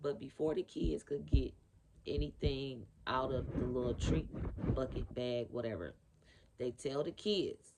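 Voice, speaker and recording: A woman's voice: very deep voice, measured pace, creaky, a little mellow. A woman giving a casual spiritual reading to camera in a blunt, profane, emphatic way, repeating her key phrases. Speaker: spiritual reader.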